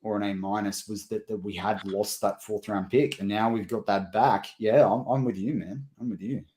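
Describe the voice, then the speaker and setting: Chatty man, lowish voice. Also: fairly even intonation, normal speed, mellow. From Australia. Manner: rambling, restarts and fillers, chatty football analysis. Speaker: co-host of a fan watch party stream. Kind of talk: casual draft chat.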